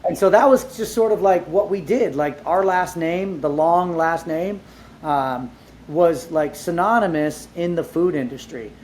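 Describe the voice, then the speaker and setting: A man being interviewed, telling his life story in a casual, animated way, with lots of "like" fillers and casual swearing. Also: fairly high pitch, a little slow, slight background noise. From Southern California. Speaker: entrepreneur guest.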